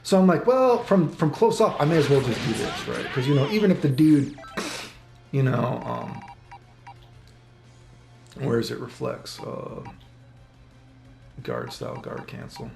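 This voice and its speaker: A man's voice: mid-range voice, expressive, measured pace, creaky, long pauses. A man giving casual commentary on a fighting game while playing, rambling, swearing often and quoting his own thoughts. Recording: echoey room with music behind.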